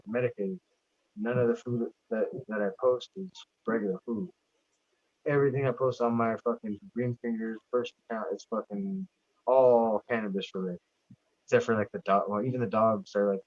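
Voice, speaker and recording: A man's voice: medium pitch, darkish tone, dry recording. A man chatting casually as a podcast guest, telling stories in a rambling, heavily profane, emphatic way. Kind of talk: casual chat. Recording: dull lo-fi dry sound.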